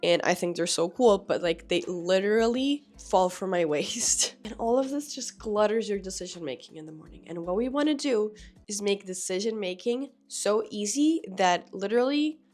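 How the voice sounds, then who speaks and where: A young woman fashion vlogger with a hoarse, cracking voice from being sick, chatting casually and opinionated to camera. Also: medium pitch, lively intonation, moderate pace, a little mellow, faint music behind. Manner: chatty, opinionated, lightly joking.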